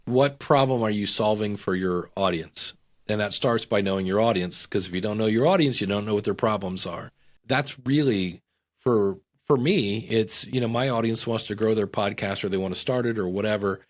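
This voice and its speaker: Middle-aged male guest, casual and animated, a storyteller who slips into voices. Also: fairly low pitch, normal speed. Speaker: podcast guest.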